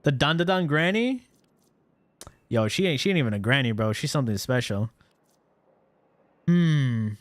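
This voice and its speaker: A man's voice: medium pitch, lively intonation, normal speed, long pauses, no room sound. A man streaming a game, cracking crude jokes and rambling with repeated words. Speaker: gaming streamer. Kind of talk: live game commentary.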